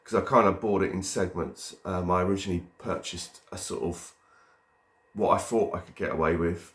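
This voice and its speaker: Hoarse low-voiced man rambling. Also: fairly even intonation, moderate pace, fairly bright tone. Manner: rambling, with many ums and restarts. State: hoarse from a cold. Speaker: model railway vlogger. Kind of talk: casual talk to camera.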